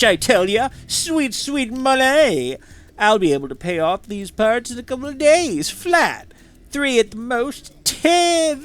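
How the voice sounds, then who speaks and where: A man's voice: very high-pitched, pushed and bright, pitched above the performer's own voice, heavily acted. A man voicing a greedy, scheming male tinkerer who boasts of riches, smarmy with a drifting southern twang.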